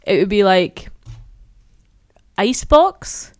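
A woman's voice: mid-range voice, sing-song, drawn-out words, no room sound, clean studio sound. A woman in casual chat, playfully guessing and joking.

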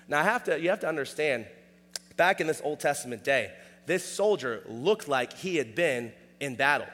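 Brief: male pastor, slightly high voice, chatty sermon delivery, long hall reverb. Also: expressive, normal speed, bright, forceful tone. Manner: casual, conversational, checks in with "all right?".

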